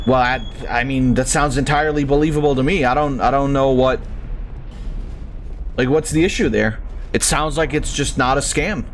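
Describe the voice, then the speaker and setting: A man's voice: mid-range voice, normal speed, a little hiss or hum. A young man streaming a game, chatting casually in a rambling, profane, ranting way. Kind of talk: casual live-stream commentary.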